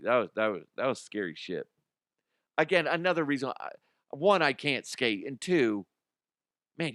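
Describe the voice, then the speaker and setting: A man in his thirties or forties hosting a comedy news podcast, talking bluntly and profanely, swinging between heated rants and quiet asides. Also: mid-range voice, dry recording, clean studio sound. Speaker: podcast host. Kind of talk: casual comedic news commentary.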